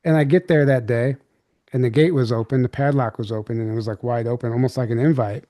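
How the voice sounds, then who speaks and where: Guy rambling thru a weird story on a podcast, mellow voice, dry sound, lots of "like". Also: mid-range voice, fairly even intonation, fast, no echo. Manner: rambling, filler-heavy recounting with many restarts. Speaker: podcast guest. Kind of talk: candid storytelling.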